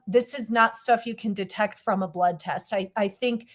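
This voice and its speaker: A woman's voice: mid-range voice, normal speed. A woman guest co-host in casual podcast chat, blunt and candid, with many fillers and restarts.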